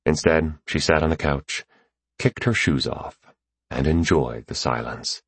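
A man reading a novel aloud as narrator, in measured, even storytelling. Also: rumbling low, slightly rough, dry recording. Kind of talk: scripted audiobook narration.

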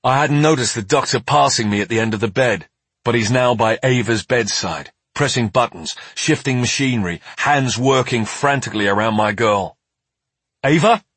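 A man's voice: mid-range voice, moderate pace, a bit bright, breathy edge, no echo. A man narrating a story in the first person, tense and earnest. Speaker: audiobook narrator.

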